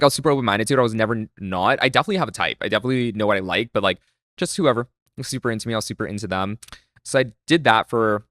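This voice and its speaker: A man in his twenties, a podcast guest, telling stories in fast casual chat full of fillers. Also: lowish voice, a bit bright, dry recording, clean studio sound. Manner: fast, chatty storyteller with lots of "like" fillers. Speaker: podcast guest, content creator.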